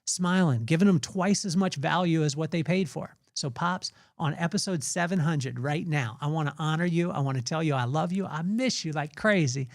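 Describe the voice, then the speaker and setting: A man's voice: on the high side, dry recording, clean studio sound. Tearful man in his forties reflecting. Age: 40s. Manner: heartfelt, halting with fillers and restarts. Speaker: podcast host. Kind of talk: personal reflective monologue.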